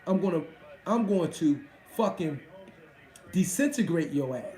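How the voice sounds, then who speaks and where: A man's voice: on the high side, lively intonation, a little slow, warm tone, reverberant, rough recording. A man hosting a live stream, chatting casually with his viewers in a profane, boastful way. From Washington D.C.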